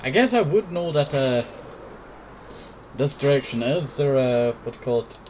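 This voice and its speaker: A man's voice: medium pitch, lively intonation, moderate pace, a little mellow. Man hosting a gameplay video, sick and coughing, rambling chatty delivery, faint noise behind. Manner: rambling, keeps saying "I tell you". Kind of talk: casual gameplay commentary.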